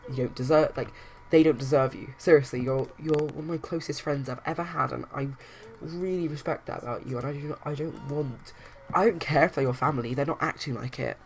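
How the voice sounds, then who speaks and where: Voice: medium pitch, slight background noise, lightly acted, low-quality recording. A player voicing a loyal young woman who stands up for her friend. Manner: firm and indignant.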